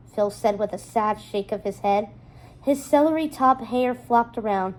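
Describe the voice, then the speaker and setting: A woman with a higher, mellow voice reads a children's chapter book aloud. She narrates expressively, lifting and dropping her voice for the story. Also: measured pace. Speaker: storybook reader. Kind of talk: children's novel read-aloud.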